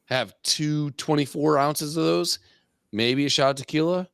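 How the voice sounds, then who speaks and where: A man's voice: on the high side, a little slow, vocal fry, a bit bright, clean tone, no room sound, studio quality. A man co-hosting a casual live podcast, telling crude stories in a rambling way with laughs. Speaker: podcast co-host. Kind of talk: casual chat.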